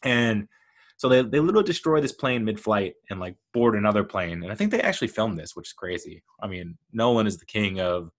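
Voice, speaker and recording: A man's voice: lowish voice, big pitch swings, brisk. A man hosting a solo movie podcast, talking casually in a rambling, jokey way that keeps interrupting itself. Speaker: podcast host.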